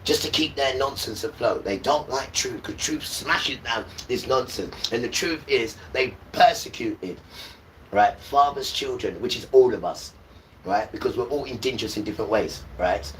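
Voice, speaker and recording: Male streamer, preachy ranting monologue, bright tone, distant mic with light ambient noise. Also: medium pitch, normal speed. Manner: preachy, repeats "right?" to viewers. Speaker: livestreamer.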